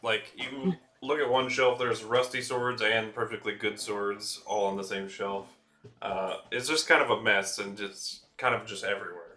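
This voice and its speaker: Bright-voiced casual male game master. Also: lowish voice, fairly even intonation, moderate pace. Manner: loose, laughing, full of fillers. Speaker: dungeon master. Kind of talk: narrating a tabletop game.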